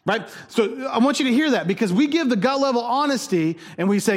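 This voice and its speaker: A man's voice: extremely high pitch, animated, brisk, hardly any pauses. A man preaching a sermon as pastor, conversational and jokey with emphatic stresses.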